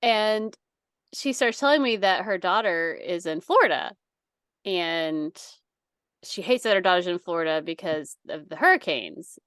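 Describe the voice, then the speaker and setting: A woman's voice: on the low side, expressive, measured pace, a bit bright, clean tone, no echo, clean studio sound. A woman co-hosting a podcast, telling a long story in a casual, rambling way, laughing often and using many fillers. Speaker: podcast co-host.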